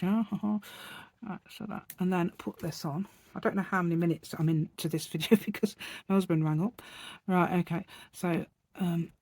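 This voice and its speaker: A woman's voice: on the low side, darkish tone. A middle-aged woman chatting casually through a craft tutorial at her desk, rambling and laughing often. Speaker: craft channel host.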